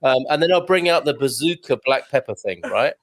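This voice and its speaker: A man in his forties leads a casual online wine chat. He jokes freely and drifts into long, rambling asides at a middling pitch. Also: lively intonation, a little fast. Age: 40s. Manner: chatty, joking, rambling asides. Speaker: wine club host.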